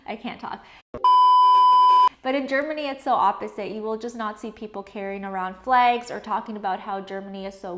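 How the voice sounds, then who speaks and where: Brief: woman vlogger, mid pitch, chatty and loose, lots of "like". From Canada. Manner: chatty, filler-heavy with frequent laughs. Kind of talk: casual chat to camera.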